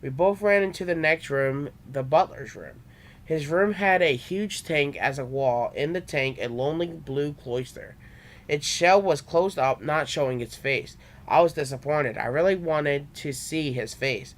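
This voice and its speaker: A man's voice: on the high side, unhurried. A young man reading his own fan story aloud, with small stumbles and restarts.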